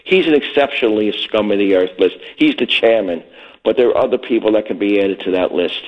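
A retired older man from Brooklyn calling in to a late-night radio show, earnest and halting, stumbling over his words. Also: fairly low pitch. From Brooklyn, New York. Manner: earnest, halting with many restarts. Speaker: caller. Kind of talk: phone call to a radio show. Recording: muffled phone line.

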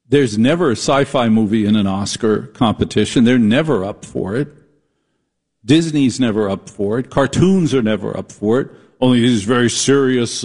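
A man's voice: medium pitch, a little mellow. A man hosting a talk radio show, delivering a comedic monologue, riffing and mocking as he goes. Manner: riffing, mocking, switches into quick impressions.

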